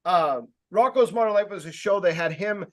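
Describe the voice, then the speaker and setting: Man, sales trainer, high-pitched, loud projecting voice, casual rambling delivery. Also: normal speed. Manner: rambling, joking asides with many fillers.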